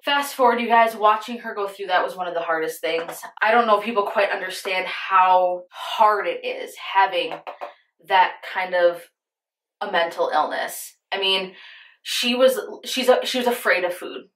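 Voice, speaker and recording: A woman's voice: mid-range voice, fairly bright tone. A young woman beauty vlogger chatting to viewers while getting ready, telling an earnest personal story and calling her audience "you guys". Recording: roomy echoey room.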